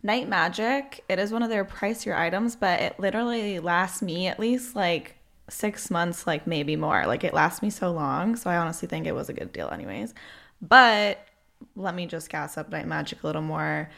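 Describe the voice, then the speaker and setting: A woman's voice: lowish voice, animated, normal speed, gravelly, fairly bright tone. A young woman co-hosting a podcast, chatting casually and reading an ad in an upbeat, filler-heavy way. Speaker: podcast co-host. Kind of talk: casual podcast chat and ad read.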